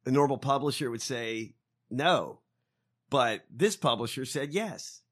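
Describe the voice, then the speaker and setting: A man co-hosting a podcast, animated and profane, reacting loudly and laughing often. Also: mid-range voice, a little slow. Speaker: podcast co-host. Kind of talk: casual chat.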